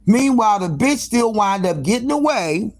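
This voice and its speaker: A woman who owns a hair salon, telling a long story in casual, profane speech with many asides to her listeners. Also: moderate pace. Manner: animated and profane, with frequent swearing and direct asides to listeners; acts out dialogue, jumping up sharply in pitch for quoted lines. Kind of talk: casual storytelling on a live stream.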